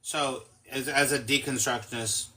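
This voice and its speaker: A man's voice: medium pitch, steady tone, moderate pace, sharp tone. A man talking as a guest in a casual conversation, emphatic, swearing freely and acting out quoted speech.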